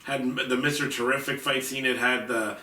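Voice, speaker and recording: A man's voice: medium pitch, steady tone, fairly quick, bright, forceful tone. A man co-hosting a movie podcast, chatting casually about films in a rambling way full of fillers. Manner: rambling, filler-heavy, restarts often. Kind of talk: casual film review chat. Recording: echoey room, mic at a distance.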